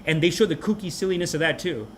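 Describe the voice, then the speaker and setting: A man with a somewhat high voice rants through a comic movie review on his podcast. He talks in an animated, mocking way, and a faint hiss sits under the recording. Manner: animated, mocking, puts on quick character voices. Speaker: podcast host.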